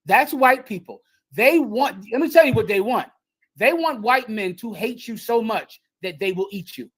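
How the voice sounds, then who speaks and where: A woman's voice: fairly high pitch, expressive, normal speed, husky, low-quality recording. Impassioned woman lecturing on a livestream. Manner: emphatic and preachy, repeats phrases for effect. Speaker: livestream host and teacher. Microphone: streaming software on a video call.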